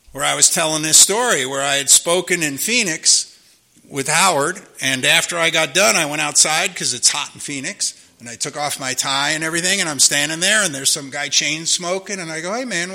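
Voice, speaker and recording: At a recovery meeting, a man in his fifties or older gives an earnest personal testimony, telling stories, repeating himself, and often asking "you know?". His voice is on the high side, pushed and bright, with vocal fry.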